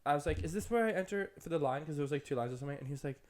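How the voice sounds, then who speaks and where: A young co-host talks very fast, with lively intonation and a slightly mellow voice, as he spins a long story on a podcast. It's chatty and rambling, thick with "like" and "um," and he goes up high for quoted voices and laughter.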